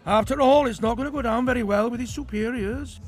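A man reading a story who puts on a higher voice for a consoling pub barman with a soothing, reassuring manner. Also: fairly quick, faint music behind.

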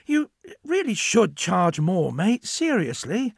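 A man's voice: high voice, wildly swooping pitch, slow, creaky, husky, dry recording, studio quality, voice pushed up, heavily acted. A man reading a story who voices a flustered man with a stammering, hesitant delivery. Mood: bemused. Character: flustered everyday British man, easily bewildered.

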